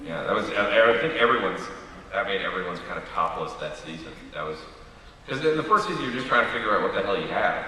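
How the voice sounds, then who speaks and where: Writer-producer on a panel, low male voice, quick jokey asides, echoey hall with audience noise. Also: lively intonation, sharp tone, recorded from a distance. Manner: joking, quick asides, trailing off. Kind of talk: casual panel chat. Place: large convention hall.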